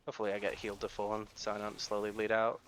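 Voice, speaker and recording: A man's voice: on the low side, completely flat delivery, racing, a bit bright, a little hiss or hum. Chatty gamer man, American accent. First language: not English. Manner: chatty, rambling asides while playing. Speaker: gaming video creator. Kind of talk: casual gameplay commentary.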